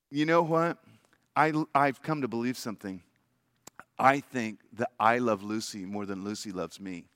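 Forceful older male preacher. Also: medium pitch, normal speed, clean tone, no room sound, clean studio sound. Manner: emphatic, swings from loud lifts to soft drops. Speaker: guest preacher. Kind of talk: sermon.

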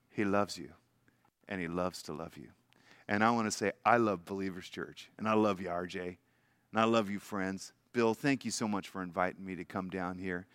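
Forceful older male preacher. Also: low voice, no room sound. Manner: emphatic, swings from loud lifts to soft drops. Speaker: guest preacher. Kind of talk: sermon.

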